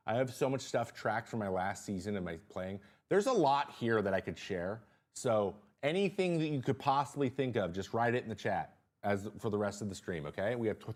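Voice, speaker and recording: A man hosting a casual live-stream chat from a small studio, animated, jumping high in pitch when he reacts, with lots of fillers and restarts. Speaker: host.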